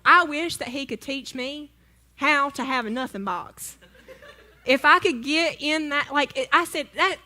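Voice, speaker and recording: A woman's voice: sits high, pushed and bright. A woman, speaking to a church congregation, telling a humorous personal story in a chatty, self-deprecating way and asking the audience questions. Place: church sanctuary.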